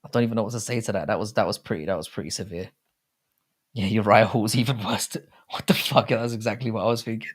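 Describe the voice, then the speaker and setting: This livestreamer is a young Englishman with an English accent who talks fast in a fairly low voice. He meanders casually, curses often and reads his viewers' comments aloud.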